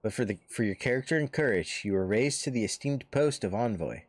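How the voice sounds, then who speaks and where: A man voicing a composed woman who leads a heroes' order, reading game dialogue aloud in a formal, measured way. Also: lowish voice, animated, dry recording. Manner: formal, measured storybook delivery.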